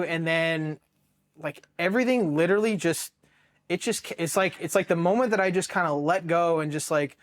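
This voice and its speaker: A man's voice: a little high, moderate pace. A man in his thirties from Ohio, a military veteran telling his story candidly, blunt and heavily profane, with flashes of emotion. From Ohio, USA.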